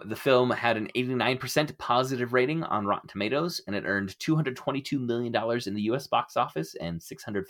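A middle-aged man hosting a casual podcast discussion, animated and laughing often as he acts out quotes. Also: medium pitch. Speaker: podcast host.

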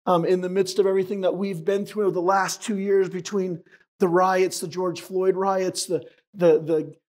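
A hoarse pastor whose voice is giving out, preaching a sermon to his congregation in an earnest, emotional, conversational way. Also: high-pitched, flat delivery, normal speed, a little mellow. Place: church sanctuary.

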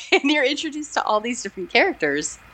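Bright-voiced laughing woman podcaster. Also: on the high side, fast talker. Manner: laughs often, animated retelling of scenes. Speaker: podcast co-host. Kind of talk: casual film discussion.

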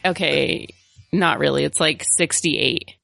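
A woman hosting a podcast, introducing the show and putting questions to a guest in a brisk, dry way. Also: sits low, vocal fry, fairly bright tone, dry recording, faint music behind, rough recording. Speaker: podcast host.

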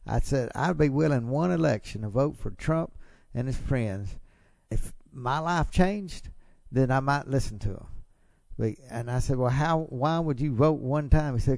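Gravelly older host telling a rambling story. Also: male voice, mid-range voice, darkish tone, no room sound, clean studio sound. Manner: rambling storyteller, halting with restarts. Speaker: talk show host. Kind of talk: political talk show conversation.

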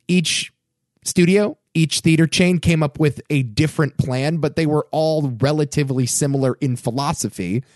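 A man's voice: mid-range voice, a little mellow, no room sound, studio quality. A man hosting a pop culture commentary show, talking with a wry, dramatic, mock-solemn delivery. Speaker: host.

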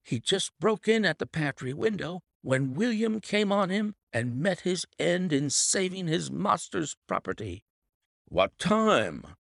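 Male reader playing a panicked butler: gasping, strained, pitched far above his own voice. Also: very animated, a little slow, creaky, a bit bright, no echo, studio quality, exaggerated voice. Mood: alarmed. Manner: gasping, breathless. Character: frantic male butler bursting with bad news.

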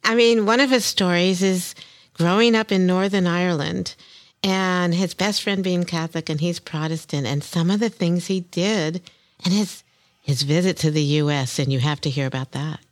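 An older woman hosts a podcast in a bubbly, easy way, laughing often. Her voice sits a little low for a woman. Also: normal speed. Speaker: podcast host. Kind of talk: casual podcast chat.

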